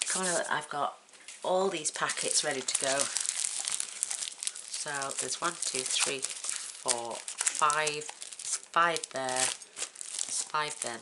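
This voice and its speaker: A woman's voice: very deep voice, very noisy. A woman from the UK hosting a casual crafting tutorial, chatty and counting items aloud as she works at home. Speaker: craft channel host.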